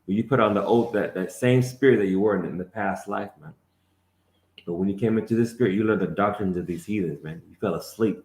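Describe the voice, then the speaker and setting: A man's voice: fairly low pitch, a little fast, a little mellow. A man preaching a fiery sermon, leading a class and calling out prompts to a reader. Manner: emphatic, calls out prompts, tags lines with "man". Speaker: lead teacher of the class. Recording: echoey room.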